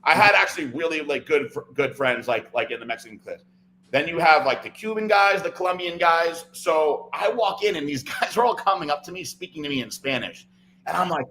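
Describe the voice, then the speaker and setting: Speaking a little fast in a slightly high, bright, forceful voice, a podcast guest tells a long personal story in a rambling, casual way. He keeps tacking on "right?" and filling gaps with "like"; the rough recording carries slight background noise.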